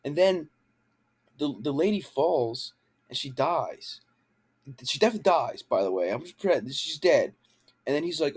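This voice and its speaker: A man's voice: fairly high pitch, sing-song, moderate pace, slightly rough. A young man ranting about a show in a casual home vlog, swearing and rambling with lots of fillers into a handheld camera. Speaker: vlogger.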